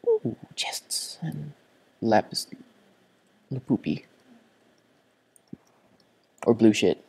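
A congested man doing let's play commentary, excitable, often gasping and muttering to himself. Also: medium pitch, very slow, gravelly, pauses often, breathy edge. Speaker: gaming channel host.

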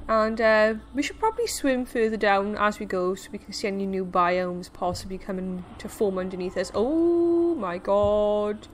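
With a medium-pitched, fairly bright voice, a young gaming streamer talks casually over her gameplay, getting scared easily, squealing, and making fun of herself.

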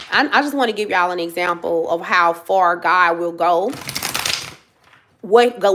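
A woman's voice: medium pitch, a bit bright. A woman in her thirties giving a casual tarot reading, blunt and emphatic, repeating herself and swearing freely. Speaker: tarot reader.

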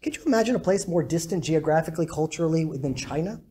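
A rabbi speaking to a congregation, telling stories in an animated way and acting out quotes with big swings in pitch and loudness. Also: male voice, fast, a little hiss or hum. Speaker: rabbi giving a talk. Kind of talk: storytelling talk to a congregation. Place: synagogue congregation hall.

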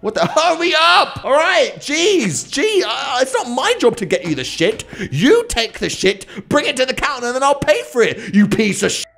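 Lively crude gaming commentator man. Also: very high-pitched, moderate pace, vocal fry, hardly any pauses. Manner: loud, crude, mock-rude running commentary. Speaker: gaming YouTuber. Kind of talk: let's play commentary.

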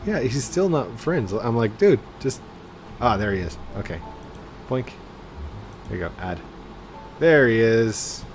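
A young man hosting a casual game session with friends, chatty and quick to get loud and excited. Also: medium pitch. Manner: chatty, gets loud and excited during play. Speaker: host gaming with friends. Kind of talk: casual gameplay chat. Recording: noisy home voice-chat recording.

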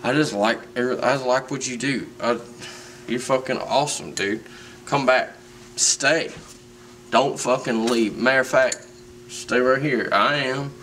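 A man's voice: mid-range voice, a little slow, fairly bright tone, close to an everyday voice. A man playing a drunk, rambling male fan with a Southern accent, swearing and repeating himself in a comedic monologue, heard from a distance. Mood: drunken rambling. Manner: rambling, profane, repetitive. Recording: distant mic with faint background noise.

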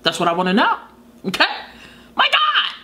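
A woman's voice: fairly high pitch, huge pitch swings, normal speed, sharp tone. A woman hosting a music reaction video, talking in a dramatic, exclamatory, sassy way. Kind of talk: casual reaction commentary.

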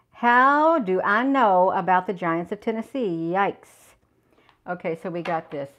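Recorded lo-fi on a clip-on mic with a cord, a middle-aged woman with a medium-pitched voice hosts a casual livestream in the woods. She chats with viewers, reads aloud, and keeps saying "you all."

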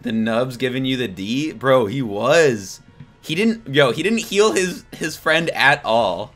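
A young man giving live, excitable gameplay commentary to his chat, swearing and laughing as he plays. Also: medium pitch, slow, faint music behind. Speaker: streamer.

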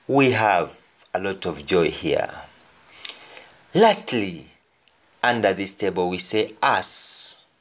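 A man teaching a language lesson, repeating each example phrase deliberately. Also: low voice.

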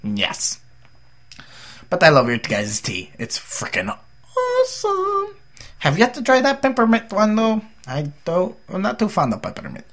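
A man's voice: sits high, sing-song, moderate pace, fairly bright tone. A tired young man from the United States rambling through a casual, jokey vlog update as a gaming YouTuber.

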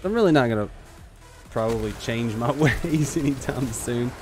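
A man giving live commentary while playing an online shooter, excitable and joking, trash-talking his opponents. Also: mid-range voice, normal speed. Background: faint background music.

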